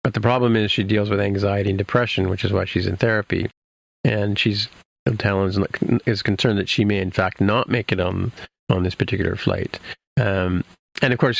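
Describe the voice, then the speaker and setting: A man's voice: deep voice, gravelly, dry recording. A man hosting a podcast, recapping a TV episode in casual chat, rambling with many fillers and restarts. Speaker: podcast host.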